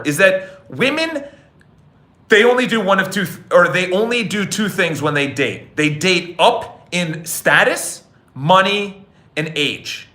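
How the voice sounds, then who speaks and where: A man hosts a podcast with a high, bright voice, lecturing bluntly and preachily. He repeats words and keeps asking "okay?" to drive his points home. The room around him sounds echoey. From New York City. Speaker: podcast host. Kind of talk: casual motivational monologue.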